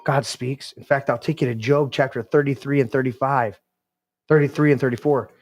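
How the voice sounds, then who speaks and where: A man's voice: mid-range voice, fairly even intonation, brisk, a little mellow, faint music behind. A male podcast host giving an impassioned, preachy rant on a live show. He swears freely and acts out quoted voices.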